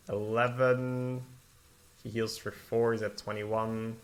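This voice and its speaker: A man's voice: mid-range voice, steady tone, slow pace, pushed and bright. A man from Belgium, a game streamer chatting casually while thinking aloud about his plays and answering viewers. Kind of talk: casual live-stream commentary.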